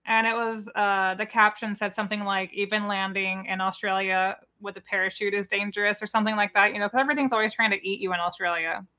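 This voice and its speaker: A woman talks casually on a livestream, rambling through stories with plenty of fillers. Her voice is bright and mid-pitched. She addresses viewers directly and loosely. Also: fairly even intonation, fast talker, few pauses. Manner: chatty, rambling, filler-heavy. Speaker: co-host of a livestream watch party.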